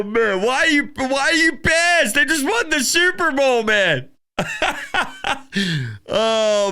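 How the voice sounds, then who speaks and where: A man hosting a casual sports talk show, taking calls and rambling excitably. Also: high-pitched, clean tone. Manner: excitable, laughing, rambling with restarts. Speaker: sports podcast host.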